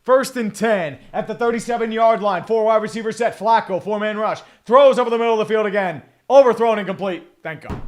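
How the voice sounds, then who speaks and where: High-voiced man giving profane live play-by-play. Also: fairly quick, hardly any pauses. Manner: profane, sarcastic, swings from mumbling asides to excited calls. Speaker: streamer doing live play-by-play and reading donations. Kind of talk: casual live play-by-play commentary.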